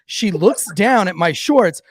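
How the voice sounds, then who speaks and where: A man's voice: high-pitched, animated, slow pace, no echo, studio quality. A man hosting a podcast, telling a long story in a casual, profane, rambling way full of "like".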